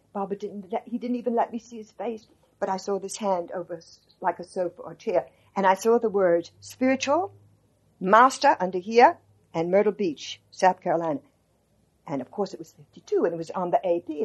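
An older woman's husky, mid-range voice comes through lo-fi audio as she recounts a story in an interview. Animated throughout, she quotes the people she's describing, acting out their words, and keeps restarting as she goes.

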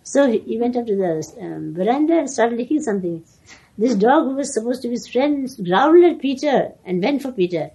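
Older woman, very breathy, mellow, animated storytelling. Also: a little high, a little fast, low-quality recording. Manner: animated, laughing often, trailing restarts. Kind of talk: reminiscing storytelling.

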